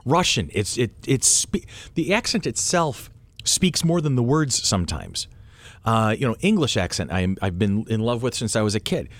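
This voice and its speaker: A man's voice: medium pitch, normal speed, no echo. A man co-hosting a casual group conversation, his voice rising and falling freely as he restarts and circles back on his points. The sound is close and dry, with no room around it. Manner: animated, circles back and restarts mid-thought.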